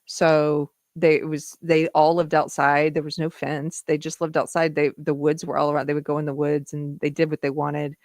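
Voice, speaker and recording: Her voice sits low and stays level, a little mellow, at normal speed with few pauses, captured in clean, dry studio sound. She's a Southern American livestream host chatting casually over viewer comments, laughing often and addressing her dog.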